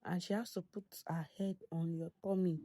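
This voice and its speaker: A young Nigerian woman in her twenties talks to her vlog audience from home. Her voice sits a little low for a woman. She rambles in a loose, chatty way, with lots of "like" and "so yeah" between thoughts. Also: fairly even intonation, normal speed, warm tone. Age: 20s. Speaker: vlogger. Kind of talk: casual vlog chat.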